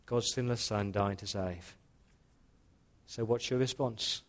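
A man preaching a sermon in a church, earnest, slowing into quiet dramatic pauses. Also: on the low side. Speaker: pastor.

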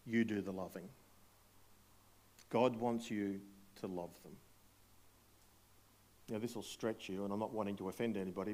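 Guy preaching a sermon, kinda low voice, punchy, keeps asking the crowd questions. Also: mellow. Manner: emphatic preaching, rhetorical questions, polls the congregation. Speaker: pastor. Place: church hall before a congregation.

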